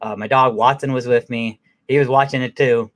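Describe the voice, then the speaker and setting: A man's voice: mid-range voice, steady tone, brisk. A man giving a casual, profanity-heavy movie recap in a rambling way, with many fillers and restarts. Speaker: movie reviewer.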